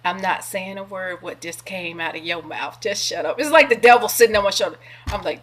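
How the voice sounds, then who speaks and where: A middle-aged woman telling a long personal story casually, animated and profane, acting out what others said. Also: lowish voice, a little fast. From California. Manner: animated, profane, acts out quoted voices. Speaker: vlogger.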